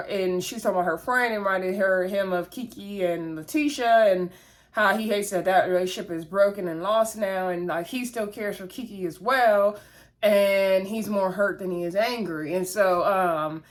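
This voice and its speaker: A woman's voice: medium pitch, moderate pace. Chatty gossipy woman recapping reality TV. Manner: chatty, gossipy, acts out the cast's lines. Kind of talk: casual episode recap.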